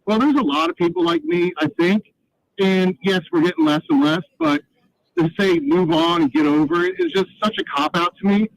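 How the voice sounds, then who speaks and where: A man's voice: high-pitched, sing-song, normal speed, gravelly, low-quality recording. A man on a sports radio show giving a heated, exasperated opinion with strong emphasis. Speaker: reporter.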